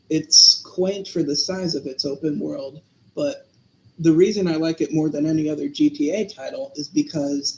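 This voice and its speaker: Man with a high voice, echoey room. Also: steady tone, measured pace, a little mellow, a little hiss or hum. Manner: thoughtful, rambling with many fillers. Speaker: podcast co-host. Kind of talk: casual chat.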